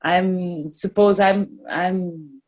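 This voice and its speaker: Slow, halting woman. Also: on the low side, fairly even intonation, a little mellow. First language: Portuguese. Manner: searching for English words, halting and frank. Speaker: musician interviewee. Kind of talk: casual interview.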